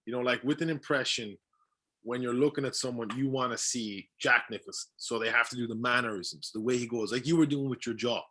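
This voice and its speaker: A young voice actor, guesting on a casual podcast, eagerly explains his craft with examples, full of fillers and restarts. His mid-range voice is brisk, pushed and bright.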